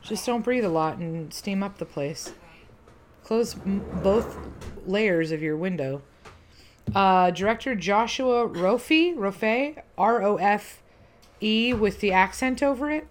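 A woman's voice: mid-range voice, animated, slow, slight background noise. A woman co-hosting a podcast in casual chat, joking and swearing freely as she rambles. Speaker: podcast co-host.

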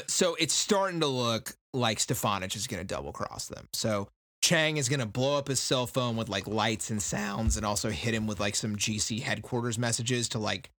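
A man co-hosting a podcast, recapping a book in casual chat and slipping into quick voices for the characters. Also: medium pitch, fairly bright tone, no echo. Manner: loose, joking, quotes characters in quick impressions.

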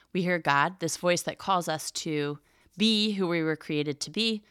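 A woman's voice: sits low, a bit bright, smooth, no room sound, clean studio sound. A woman speaking in a casual, reflective teaching style about faith, chatty and earnest, with lots of "like" and "um.". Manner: chatty, many fillers like "like" and "um". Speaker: Catholic catechism podcast co-host.

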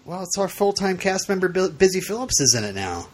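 A woman co-hosting a casual podcast chat, jokey and laughing, with halting fillers. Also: lowish voice, sing-song, darkish tone, husky. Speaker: podcast co-host.

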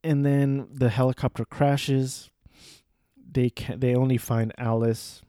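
A man's voice: medium pitch, little pitch movement, slow pace, mellow, dry recording, clean studio sound. A man casually recapping a movie plot, rambling with fillers and self-corrections. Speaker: movie reviewer.

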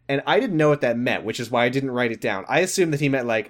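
A man's voice: medium pitch, brisk, hardly any pauses. A man co-hosting a podcast, casually recapping a TV episode and acting out the characters' lines in mocking voices. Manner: animated retelling with mocking voices for quotes. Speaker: podcast co-host.

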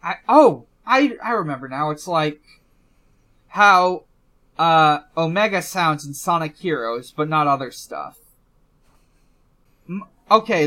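A man in casual podcast chat, talking slowly and unhurriedly, pausing often to hunt for words. His voice sits a little high and sounds bright and forward. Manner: hesitant, many fillers and restarts. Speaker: podcast co-host.

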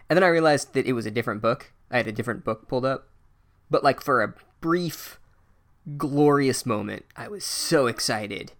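A man hosting a podcast, recapping a book in a profane, sarcastic, animated way. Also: mid-range voice, moderate pace. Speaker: podcast host.

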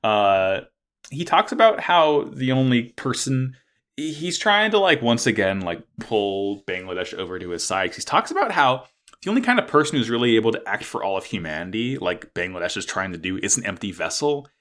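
A man's voice: on the low side, very animated, a little fast, a bit bright. A man recapping a plot in casual chat, rambling with lots of fillers and swearing. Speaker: podcast co-host recapping an anime.

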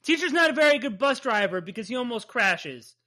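A man's voice: very high-pitched, sing-song, a little fast, sharp tone. A man from New Jersey with a Jersey accent, co-hosting a casual recap podcast, rambling and swearing as he laughs along. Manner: profane, rambling, laughs often. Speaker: podcast co-host.

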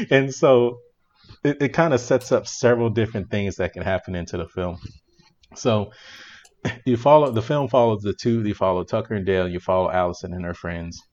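A man's voice: fairly low pitch, expressive, moderate pace, darkish tone, highs cut off. A man in casual chat, animatedly retelling a comedy film's plot, laughing often and restarting his sentences. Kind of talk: casual movie review chat.

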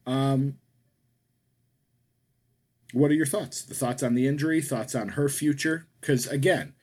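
A man's voice: mid-range voice, measured pace, darkish tone. A man co-hosting a casual wrestling podcast, talking in a rambling way that keeps correcting itself. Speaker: podcast co-host.

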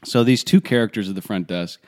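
Animated young man telling a story. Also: on the low side, fairly quick. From Colorado, USA. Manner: animated storytelling, self-mocking, laughs often. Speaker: podcast co-host. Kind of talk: casual chat.

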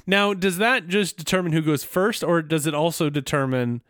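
A man's voice: fairly high pitch, moderate pace, fairly bright tone, dry recording, clean studio sound. A man co-hosting a casual podcast chat about a cartoon, laughing often and speculating. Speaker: podcast co-host.

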